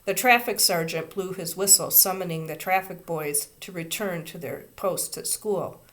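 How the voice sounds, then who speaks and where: A woman, a teacher, reading a children's chapter book aloud with expressive, steady storytelling. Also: on the low side, moderate pace.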